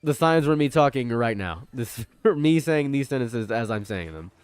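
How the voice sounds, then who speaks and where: A young man rambles through casual stream banter, playful and jokey. He likes to repeat a line several times for comic effect. His voice sits at an ordinary middle pitch. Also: lively intonation, moderate pace, darkish tone, clean tone.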